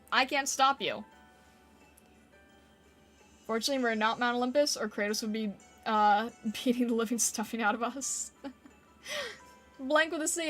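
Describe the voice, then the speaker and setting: A woman's voice: on the high side, fairly bright tone. A woman streamer chatting casually with her viewers, playful and giggly as she reacts to their messages. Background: faint background music.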